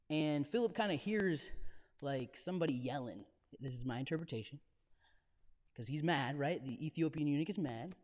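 A man's voice: fairly high pitch, darkish tone. A man preaching as a pastor, in a casual, jokey storytelling way with bits of slang. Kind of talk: conversational sermon. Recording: reverberant church hall.

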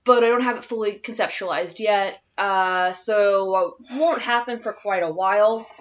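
A woman's voice: mid-range voice, moderate pace, dull audio. A woman in her twenties, a player and podcast co-host, chatting casually with many fillers and rambling asides. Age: 20s.

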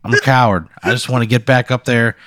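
A man co-hosting, reacting to a hypothetical in a profane, excitable way. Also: mid-range voice, dry recording, studio quality. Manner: profane, excitable, quick to protest. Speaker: co-host answering a hypothetical. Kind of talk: improvised comedy banter.

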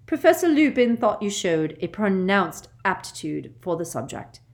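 A woman voicing a stern older female professor in an audiobook, speaking crisply, curtly and a little haughtily. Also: medium pitch, sing-song, normal speed, pitched above the performer's own voice. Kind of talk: audiobook character voice.

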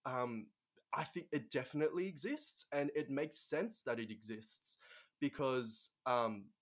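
A man's voice: mid-range voice, a little slow. Chatty young Australian man. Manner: chatty, many fillers, animated quoting. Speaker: guest. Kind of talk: casual storytelling in conversation.

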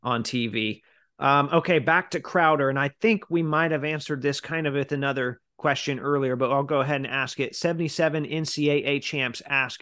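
Podcast host reading listener questions. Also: male voice, medium pitch, a little fast, clean tone. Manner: relaxed, reads listener questions aloud. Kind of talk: casual podcast chat.

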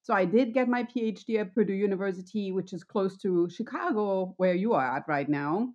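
A woman's voice: medium pitch, fairly quick, a little mellow. German-accented woman on dull audio. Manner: friendly, explanatory, upbeat. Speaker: podcast guest, wellness coach. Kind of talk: conversational interview.

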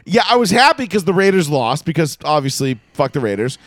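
A man co-hosting a casual podcast, telling a story in a profane, animated way. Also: a little high, a little fast, dry recording. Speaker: podcast co-host. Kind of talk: casual chat.

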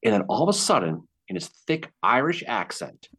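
A man hosting a podcast, telling a Civil War battle story in a casual, animated way. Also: medium pitch, moderate pace, breathy edge. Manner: animated, acts out quotes. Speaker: podcast host.

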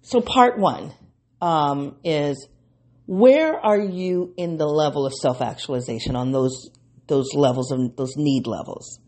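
A woman hosting an unscripted solo podcast, talking in an excitable, rambling way and laughing often. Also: a little slow. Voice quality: low, gravelly and husky. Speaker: podcast host.

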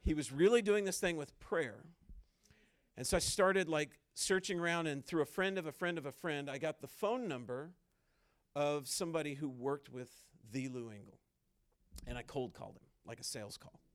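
A man speaking at a conference in a conversational, animated sermon style, acting out quoted dialogue as he tells a story. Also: a little high, normal speed. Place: conference hall stage.

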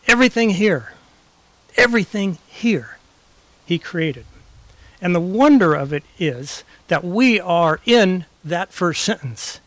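A man with a somewhat high voice delivers a sermon in a folksy storytelling manner. The sound is dry and close, with no reverb around him. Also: expressive, slow, a bit bright. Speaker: guest preacher. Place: outdoors in a backyard.

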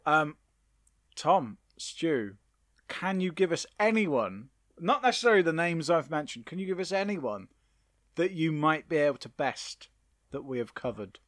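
Man, podcast host, slightly high voice, playful, stammery restarts. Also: very animated, measured pace, fairly bright tone. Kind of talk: casual chat.

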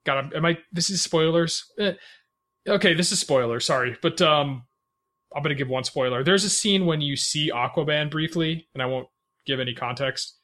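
His voice sits a little high and a bit bright, at a normal speed. He's a podcast co-host chatting loosely about movies, rambling, restarting, using lots of fillers and laughing often.

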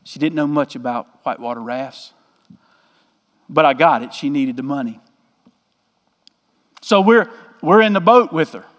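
A man's voice: fairly high pitch, normal speed, long pauses, fairly bright tone, big-room sound. A man, a pastor telling a story in a folksy, joking sermon.

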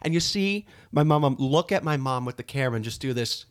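Animated man telling family stories. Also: mid-range voice, fast. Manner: animated storyteller, acts out family members' lines. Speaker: podcast co-host. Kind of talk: casual chat.

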